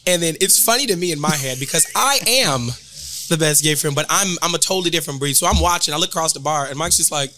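A man who is a guest performer, chatting casually at a bar, playful and quick to jump in. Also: fairly high pitch, lively intonation, bright, forceful tone, soft background music. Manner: playful, interjecting.

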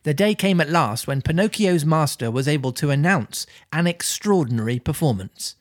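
A podcast host reading a children's classic aloud with expressive, lively delivery. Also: medium pitch, normal speed, no echo, clean studio sound. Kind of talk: storybook reading with banter.

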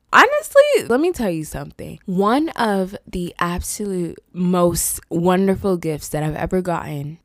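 A woman's voice: on the low side, no echo, studio quality. A young woman hosting a podcast alone, chatting casually and playfully with jokes and asides, from the UK with a British accent. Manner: playful, animated, sings little jingles and jokes. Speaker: podcast host. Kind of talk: casual solo podcast chat.

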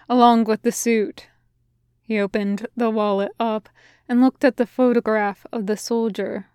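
Slow, clear woman reading fiction. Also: medium pitch, dry recording, studio quality. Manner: slow, even storytelling. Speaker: podfic reader. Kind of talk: read-aloud fiction narration.

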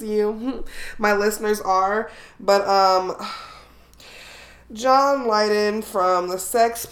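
Woman podcast host, bright crisp voice, loose chatty delivery full of laughs and swearing. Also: medium pitch. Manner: rambling, laughs often, swears freely. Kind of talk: casual comedic chat.

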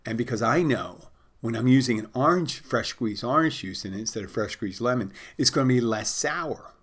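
A man's voice: mid-range voice, lively intonation, moderate pace. A middle-aged man hosting a podcast, telling a personal story and giving bartending tips in a rambling, conversational way with many restarts. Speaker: podcast host. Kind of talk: casual storytelling monologue.

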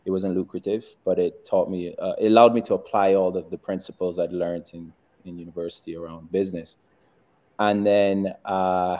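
A middle-aged man with a Barbadian accent that leans toward a British-American mix, answering interview questions in a measured, reflective way. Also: low voice, warm tone. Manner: measured and reflective, with frequent ums. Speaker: guest, tech entrepreneur. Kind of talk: interview conversation.

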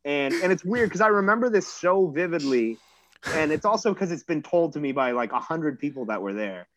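A man's voice: on the high side, lively intonation, a little fast, a bit bright, no room sound. A man in his thirties telling a rambling, self-mocking story in casual chat and swearing freely. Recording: dull lo-fi dry recording.

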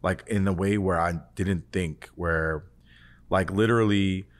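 A man with a fairly low voice talks casually on a faith podcast. He tells his story earnestly, rambling and restarting often, with "like" scattered through his sentences. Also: steady tone, measured pace. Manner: earnest, rambling, heavy use of "like". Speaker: podcast co-host.

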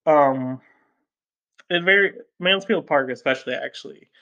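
A man's voice: on the high side, normal speed, pushed and bright, dull audio. A man hosting a podcast, reading a classic novel aloud with casual, hesitant asides, fillers and self-corrections. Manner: hesitant, self-correcting, many fillers and laughs at own slips.

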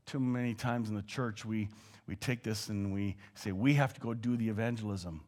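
A man preaching a sermon, moving between hushed asides and loud, acted-out shouts. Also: on the low side, normal speed.

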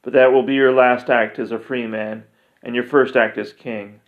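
A man voicing a calm, solemn male pilgrim who speaks in measured, grave pronouncements. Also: medium pitch, natural voice. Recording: dull lo-fi recording.

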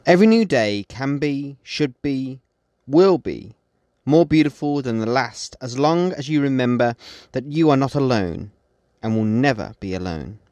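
Guy reading his poems slow and steady, dry close mic, no room sound at all. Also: mid-range voice, no room sound. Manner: measured recitation, then halting unscripted outro with many fillers. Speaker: poet and podcast host. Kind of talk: poetry reading.

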